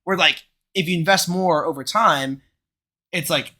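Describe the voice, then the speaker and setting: A young man co-hosting a casual chat podcast, animated and laughing often, with frequent stammered restarts as he tells stories. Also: a little high, unhurried. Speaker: podcast co-host.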